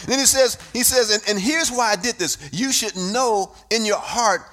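A man preaching a sermon, moving from reading scripture into shouted, sing-song testimony. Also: high-pitched, moderate pace. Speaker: pastor.

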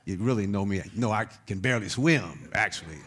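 A man preaching a sermon, telling a personal story and building to shouted exhortation. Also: lowish voice, a little fast.

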